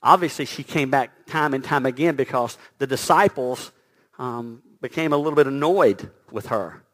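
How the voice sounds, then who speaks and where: With a mid-range voice and moderate pace, a male preacher swings between loud, forceful emphasis and quotes spoken almost in a whisper. He's a lively speaker who trips over his words and repeats them as his excitement builds.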